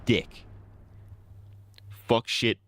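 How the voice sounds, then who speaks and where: A man's voice: extremely slow, slight background noise. A man streaming a game, rambling casually and swearing constantly. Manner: profane, rambling, muttered curses. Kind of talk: casual livestream commentary while gaming. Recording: loud game gunfire behind.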